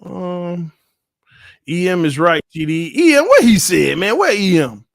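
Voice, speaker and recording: Loud playful man hosting a stream. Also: high-pitched, expressive, unhurried, gravelly, no echo. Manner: loud, playful trash talk with frequent laughs. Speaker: YouTube channel host. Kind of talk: casual live-stream chat. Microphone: desk mic, no headphones.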